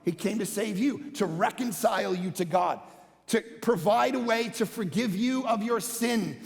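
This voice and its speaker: High, gravelly-voiced man preaching a sermon. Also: moderate pace. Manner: energetic and conversational, swings from loud emphatic bursts to quiet low asides. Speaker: pastor. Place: church auditorium. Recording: long hall reverb.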